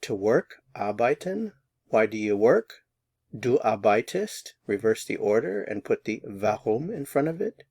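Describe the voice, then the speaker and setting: A man teaching a language lesson, patiently explaining and slowly repeating words for learners. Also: medium pitch, very animated, darkish tone, dry recording. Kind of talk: slow instructional explanation.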